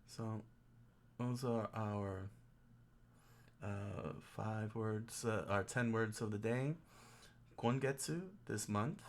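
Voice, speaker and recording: Slow, jokey man drilling vocabulary. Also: lowish voice, slight background noise. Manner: jokey, thinking aloud, with self-corrections. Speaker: streamer teaching himself Japanese. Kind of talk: casual self-study stream.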